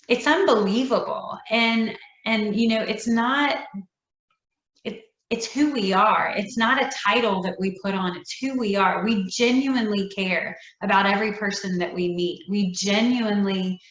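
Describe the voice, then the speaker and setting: A woman, a nonprofit's founder, telling a heartfelt story in an interview, earnest and emotional, dropping to soft near-whispers. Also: medium pitch, distant mic. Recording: roomy echo, dull lo-fi sound.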